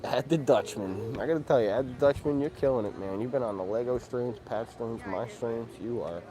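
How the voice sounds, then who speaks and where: A man putting on a joking Boston accent, playing an excited local guy who keeps saying "freaking", outdoors with crowd noise behind him. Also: mid-range voice, fairly quick, natural voice. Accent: Boston (put on). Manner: joking, calls people "guy", says "freaking" a lot. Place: outdoors in a busy theme park.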